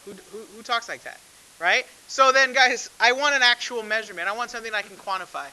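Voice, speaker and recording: Captured on a rough recording, this math class lecture comes from a man whose very high voice sounds pushed and bright. He moves quickly, keeps the talk conversational, and often puts questions to the class.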